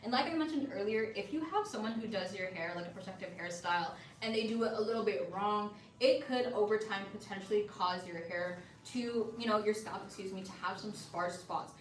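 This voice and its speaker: A woman hosting a live shopping stream, chatting upbeat and casual with viewers as she pitches hair-care bundles. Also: brisk, hardly any pauses, recorded from a distance, slight background noise. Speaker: livestream seller. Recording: echoey room, voice a bit off-mic, faint ambience.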